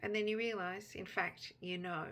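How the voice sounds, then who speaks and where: A woman narrates a Bible story in the second person, drawing the listener into the scene. Her voice is bright and clear. The delivery is intimate and immersive. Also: medium pitch, steady tone, moderate pace. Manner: intimate, immersive, turns softer in quiet moments.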